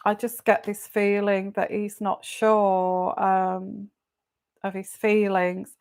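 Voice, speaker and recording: Slow, chatty woman reading tarot live. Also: medium pitch, little pitch movement, darkish tone, clean tone. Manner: chatty, greets viewers by name, repeats questions aloud. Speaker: tarot reader.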